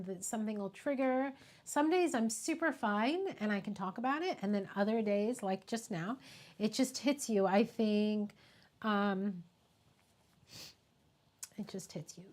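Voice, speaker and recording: A middle-aged woman photographer talks into a live stream in a voice of ordinary pitch. She is heartfelt and tearful, pausing and catching herself as she fights back emotion. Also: a little mellow. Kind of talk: casual live-stream talk.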